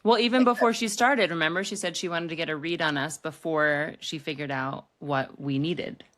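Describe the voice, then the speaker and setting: A woman co-hosting a casual studio chat, supportive and quick with affirmations. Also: sits low, fairly bright tone. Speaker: podcast co-host. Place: recording studio.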